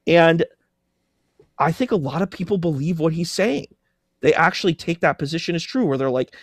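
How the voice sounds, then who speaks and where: A man as a guest on a livestream talk show, chatting casually in an animated, exasperated way. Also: a little high, moderate pace, no echo, studio quality.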